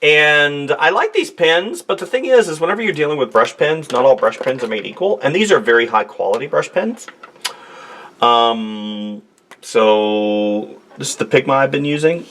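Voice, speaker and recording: A man's voice: mid-range voice, lively intonation, normal speed, a bit bright. A man talking casually and rambling through a drawing demonstration at his desk, joking and talking to himself as he works. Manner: rambling, jokey, talks to himself while drawing. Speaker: artist. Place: home studio desk.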